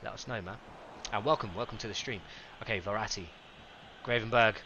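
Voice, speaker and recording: Chatty guy on a live game stream, bright voice, bit muffled mic with faint hiss. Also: fairly low pitch, brisk. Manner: excitable, chatty, greets chat by name.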